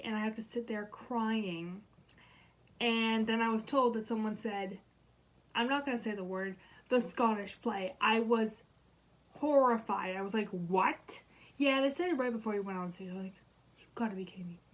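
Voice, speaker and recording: Excitable teen girl vlogger, high voice. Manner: animated, dramatic retelling. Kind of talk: casual storytelling vlog.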